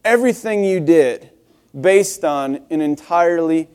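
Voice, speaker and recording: Wry, higher-voiced male preacher. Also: expressive, a little slow, a little mellow, clear, resonant tone. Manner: conversational, wry storytelling with restarts. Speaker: pastor. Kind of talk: sermon.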